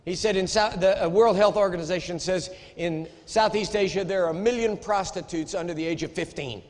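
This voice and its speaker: A man's voice: high-pitched, fairly quick, a little mellow. An American man preaching a sermon, telling a story with emphatic storytelling that rises into outrage. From United States. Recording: echoey hall.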